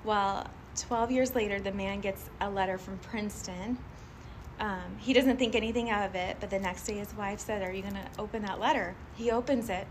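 A woman giving a live motivational talk to a group, animated and chatty, often laughing and asking the audience questions. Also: mid-range voice, normal speed, slight background noise. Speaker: motivational speaker addressing a group.

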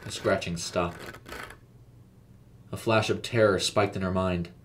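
A man narrating a scripted horror story in a measured, suspenseful way. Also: sits low, steady tone, a bit bright, slight background noise.

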